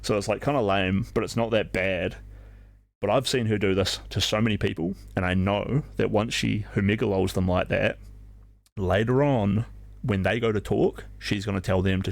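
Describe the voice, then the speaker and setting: A man's voice: lowish voice, steady tone, normal speed, gravelly, no echo. A young man streaming live who tells a story casually, rambling with constant fillers and swearing freely. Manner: rambling, filler-heavy, profane.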